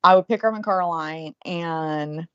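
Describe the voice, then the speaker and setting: A woman's voice: on the low side, moderate pace, smooth, dry recording. Woman in her 40s on a podcast, swears a ton, lo-fi dull sound. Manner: profane storytelling. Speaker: podcast co-host. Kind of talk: casual chat. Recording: muffled lo-fi sound.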